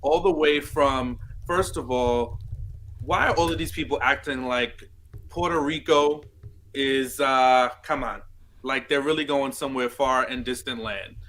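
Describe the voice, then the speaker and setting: A man co-hosting a podcast, giving animated, opinionated takes and mimicking people as he talks. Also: medium pitch, a little slow, slight background noise. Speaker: podcast co-host. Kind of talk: casual chat.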